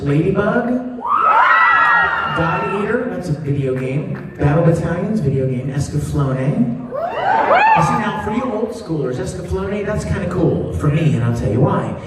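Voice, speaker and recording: Animated man telling stories in echoey hall. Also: sits high, heavy background noise. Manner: animated, laughing storyteller. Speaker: voice actor at a convention panel. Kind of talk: convention Q&A storytelling. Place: large convention hall with audience. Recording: distant fan recording in echoey hall. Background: crowd laughing.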